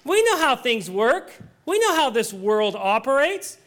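High-voiced man preaching a sermon. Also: sing-song, unhurried, a bit bright. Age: adult. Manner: earnest preaching with joking asides. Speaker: pastor.

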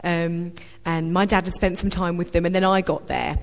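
A woman's voice: on the low side, fairly even intonation, moderate pace, soft background music. A woman sharing a prophetic word with her church in an informal testimony, hesitant and full of ums. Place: church hall. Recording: reverberant church hall.

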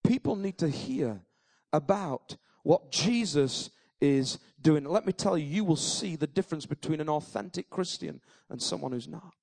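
A man's voice: a little high, animated, normal speed, creaky, a little mellow. A man preaching a sermon, moving from chatty storytelling to fervent, emphatic declarations. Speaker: pastor.

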